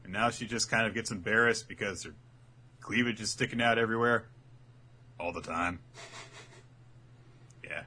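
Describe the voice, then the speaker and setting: A man's voice: lowish voice, normal speed, pauses often, pushed and bright, a little hiss or hum. A man co-hosting a casual podcast, talking things through analytically with hesitant restarts. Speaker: podcast co-host.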